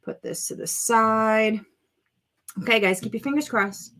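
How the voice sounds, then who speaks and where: A woman's voice: on the high side, a little slow, sharp tone. A woman vlogging at home as she does a craft project, chatting to viewers and exclaiming over colors as she works. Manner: chatty, self-narrating while working, exclaims over colors. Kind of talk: casual crafting chat to viewers.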